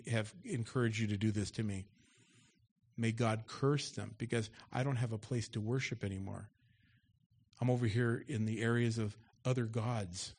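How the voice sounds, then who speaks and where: A male pastor delivering a sermon to his congregation. He reads the scripture passages loudly and with force, then drops into a relaxed, talky explanation of what they mean, in a mid-range voice. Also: medium pitch, slightly rough. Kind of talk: expository sermon. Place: church.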